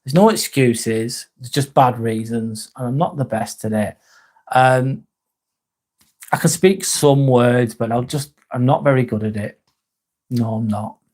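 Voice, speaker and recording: An English man hosting a live stream in a casual, rambling chat, reading out and answering viewer comments with a halting, sincere manner. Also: mid-range voice, a little mellow. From England. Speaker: livestream host.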